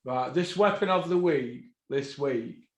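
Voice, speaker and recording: A man hosting a boxing podcast, ranting, swearing and bursting into shouts. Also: medium pitch, measured pace, echoey room, highs cut off.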